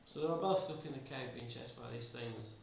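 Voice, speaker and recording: A man's voice: mid-range voice, fairly quick, vocal fry, slight background noise. A man improvising a story, hesitant and full of fillers. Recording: roomy, distant amateur recording.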